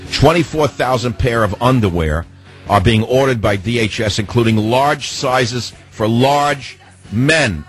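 A man's voice: mid-range voice, a little slow, faint music behind. A man hosting a political radio talk show, combative and full of rhetorical questions.

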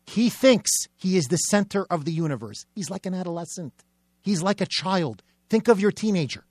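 Combative high-voiced radio host, dry studio. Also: male voice, expressive, moderate pace, darkish tone, no echo. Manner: combative, mocking, repetitive rhetorical build-ups. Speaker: radio talk show host. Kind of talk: political talk radio monologue.

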